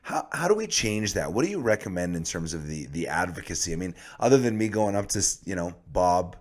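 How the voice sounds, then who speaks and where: A male podcast host with a somewhat low voice. He stumbles and restarts as he works toward his questions in an easy conversational tone. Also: sing-song. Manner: halting, with frequent restarts when posing questions.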